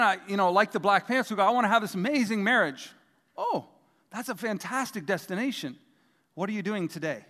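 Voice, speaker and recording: A man's voice: high-pitched, a bit bright. A middle-aged male pastor giving a sermon, telling humorous, self-deprecating stories from his family life. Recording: long hall reverb.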